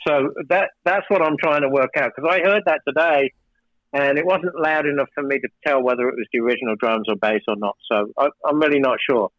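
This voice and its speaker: A record producer with a medium-pitched voice tells studio stories in an interview, speaking fairly quickly and animatedly acting out the exchanges as he goes. The audio is dull, with no room sound.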